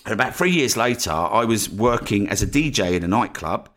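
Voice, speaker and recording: A man's voice: fairly low pitch, a little fast. A man tells a story on his solo podcast, with a lot of rise and fall in his voice. His tone is chatty and conversational. He keeps checking in with the listener as he talks. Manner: animated, chatty, keeps asking "right?". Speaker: podcast host.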